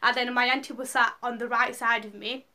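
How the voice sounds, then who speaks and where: A woman's voice: fairly high pitch, level tone, brisk, bright, forceful tone. Chatty young woman telling a story. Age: young adult. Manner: chatty, rambling, many likes and ums. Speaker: vlogger. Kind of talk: casual storytelling to camera.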